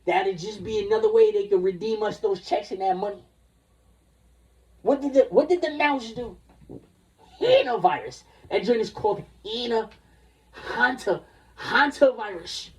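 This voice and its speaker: Man, forties, livestream ranter: rambling and profane, fairly high voice, recorded off-mic. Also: expressive, normal speed, long pauses, far from the mic. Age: 40s. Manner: rambling, profane, jumps between topics.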